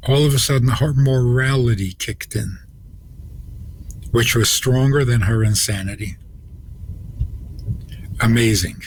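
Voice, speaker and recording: A man, a rabbi, telling a story on a radio program, with deliberate pauses and acted-out quotes. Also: medium pitch, slightly rough.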